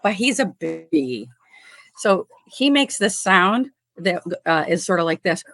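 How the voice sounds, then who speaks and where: This unhurried, animated Chicago woman has a fairly low voice and is recorded without echo. A guest on a podcast and an animal rescuer, she chats warmly and casually, laughing often amid many fillers.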